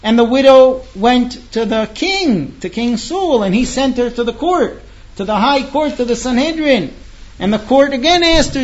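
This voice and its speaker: High-voiced male storyteller, dramatic. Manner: lively, dramatic pauses. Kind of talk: oral storytelling. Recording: dull lo-fi recording.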